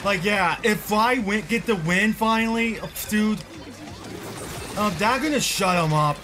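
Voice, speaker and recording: Brief: high-voiced male gamer, slow rambling, swears when raging. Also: music in the background. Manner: raging, cursing, rambling with many fillers. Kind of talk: live gameplay commentary.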